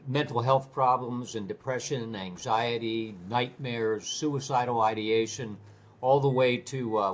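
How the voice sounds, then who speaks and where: Older man with a husky voice. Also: mid-range voice. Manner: animated, repeats words while telling stories. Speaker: guest. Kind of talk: casual storytelling interview.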